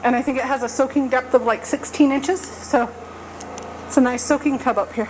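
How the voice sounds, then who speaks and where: This vlogger narrates a casual, filler-heavy account of working at her cabin in the snow, moving between inside and outside. She speaks at normal speed in a high voice with fairly even intonation. The camera audio is noisy.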